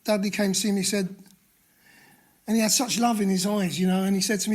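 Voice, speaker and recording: A man from England in his sixties, London-accented, speaks a little fast in a high voice with fairly even intonation, though he leaves long pauses. At a recovery meeting in a meeting room, he gives a candid, self-mocking personal share full of restarts.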